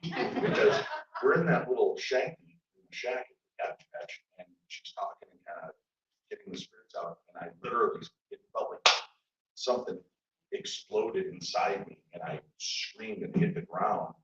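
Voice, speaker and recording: A man on a paranormal TV show telling a story to a convention audience in a jokey, animated way. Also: on the low side, normal speed, slight background noise. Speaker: paranormal TV show cast member, convention panelist. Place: large convention hall. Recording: echoey hall, distant mic, dull sound.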